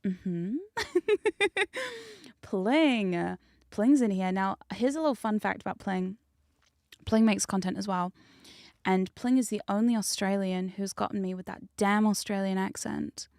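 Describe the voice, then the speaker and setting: A woman chats on a live stream in a loose, teasing, rambling way and now and then slips into a soft whisper. Her voice sits at an ordinary pitch. The sound is close and dry, from a studio condenser mic with no room around it. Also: moderate pace, dry recording. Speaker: hypnosis content creator and streamer. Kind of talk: casual live-stream chat with whispered asides.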